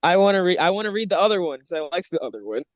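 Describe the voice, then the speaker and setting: High-voiced guy hosting a podcast, jokey, dry close sound. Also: big pitch swings, racing, no echo. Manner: playful, jokey questioner. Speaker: podcast host. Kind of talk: casual interview chat.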